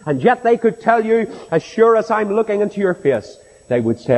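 A man's voice: sits high, sing-song, moderate pace. A middle-aged man with a Northern Irish accent preaching a sermon in a church, impassioned and rhetorical, mimicking his doubters. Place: church with a long reverb. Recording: reverberant church hall.

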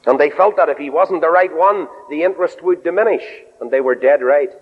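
Lively preacher in an echoing hall. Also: male voice, a little fast, husky. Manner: animated preaching, with sudden rises and drops in pitch; acts out quoted voices and asides with humour. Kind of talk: sermon. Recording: dull lo-fi recording in a reverberant hall.

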